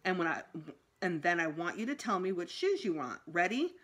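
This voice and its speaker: A woman's voice: on the low side, sing-song, moderate pace, a bit bright. A woman voicing a fussy mother who frets over small things yet stays firm, in a storybook reading.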